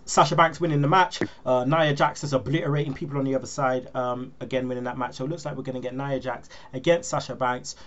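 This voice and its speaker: A man's voice: mid-range voice, fairly even intonation, quick pace, few pauses, muffled recording, slight background noise. A man hosting a podcast in casual chat, asking questions with a hesitant delivery full of ums. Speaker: podcast host.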